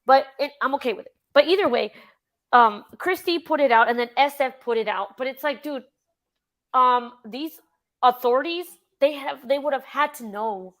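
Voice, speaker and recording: A woman's voice: sits high, moderate pace, a bit bright. A woman hosting a casual true-crime livestream, chatting with a guest, reading out chat and swearing freely. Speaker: livestream host.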